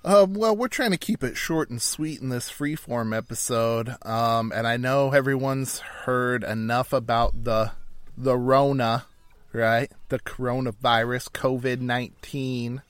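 Man, podcast co-host, casual rambling chat, mid pitch, dry sound. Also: unhurried, no echo. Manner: laid-back, rambling with fillers.

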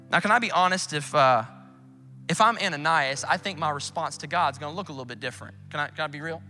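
A man preaching a sermon as pastor, lively and casual, acting out conversations with God in quick bursts. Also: fairly high pitch, long reverb tail, soft background music. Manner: animated, acts out dialogue with God.

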